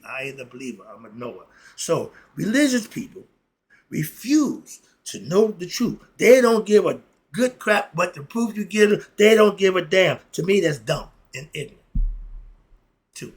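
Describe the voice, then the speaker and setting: A man's voice: high-pitched, gravelly, fairly bright tone. A middle-aged man in a casual, blunt and preachy monologue, full of slang. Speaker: philosophy vlogger.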